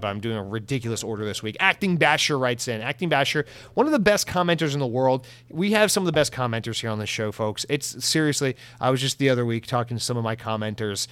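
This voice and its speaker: A man hosting a casual comedic podcast, talking in a sarcastic, profane, animated way. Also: mid-range voice, dry recording. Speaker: podcast host.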